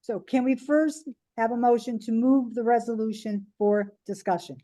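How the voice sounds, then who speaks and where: A woman's voice: fairly high pitch, moderate pace. A woman chairing a city planning and zoning commission meeting, calling motions and votes in a procedural manner. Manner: procedural, steady.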